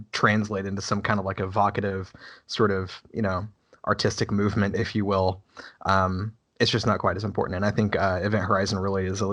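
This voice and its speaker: Brief: male panelist, lowish voice, measured and considered reasoning. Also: a bit bright. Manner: thoughtful, hedging. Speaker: podcast panelist. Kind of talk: casual debate chat.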